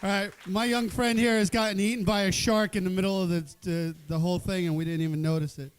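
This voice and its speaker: Playful high-voiced male emcee. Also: steady tone, fast talker, clear, resonant tone. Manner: joking, playful, rambling. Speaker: event host. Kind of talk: casual emcee banter. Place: event hall with an audience.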